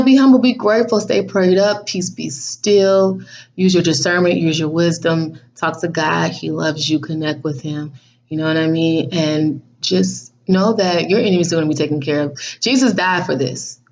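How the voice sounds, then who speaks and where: Animated woman hosting a faith vlog. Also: fairly low pitch, normal speed, a little hiss or hum. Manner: animated and slangy, laughs often. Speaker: vlog host. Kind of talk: casual devotional vlog. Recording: dull, muffled recording.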